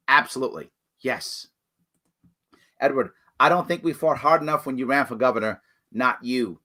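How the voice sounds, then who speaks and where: A man hosting a live online Q&A who reads viewers' comments and answers them, often acting out other people's lines. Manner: animated, acts out other people's lines with big jumps in pitch. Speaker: host answering viewer questions. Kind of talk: live call-in style Q&A stream.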